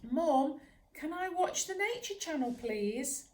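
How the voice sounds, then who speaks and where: A woman voicing a small, eager young male poodle who dreams of being a lion, talking in an excitable, boastful way. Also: high-pitched, takes it slowly, roomy sound, far from the mic, slight background noise, voice pushed up, exaggerated voice. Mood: pleading.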